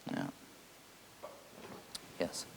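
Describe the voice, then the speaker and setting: A man giving a spiritual teaching, halting with many fillers and quietly intense. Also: noisy background. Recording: long hall reverb.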